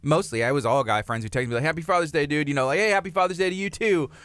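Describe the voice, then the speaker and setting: A Texan man in his thirties co-hosts a morning radio show from the studio, chatting casually and teasing his partner, sometimes rising to excited emphasis. He talks very fast with a fairly high pitch.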